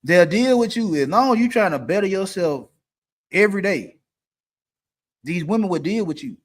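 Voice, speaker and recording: Middle-aged man, blunt live-stream host who preaches and repeats himself; fairly high voice. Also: expressive, normal speed. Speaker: livestream host. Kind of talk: live-stream dating advice talk.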